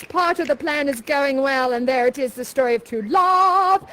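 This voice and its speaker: A young woman guiding players through interactive live theater, playful and theatrical, coaching them with a steady stream of "that's right.". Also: high-pitched, moderate pace, hardly any pauses.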